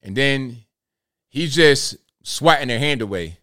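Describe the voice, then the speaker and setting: A man's voice: medium pitch, animated, slow, bright, forceful tone. A man hosting a casual live stream commentary, talking straight to viewers in folksy slang.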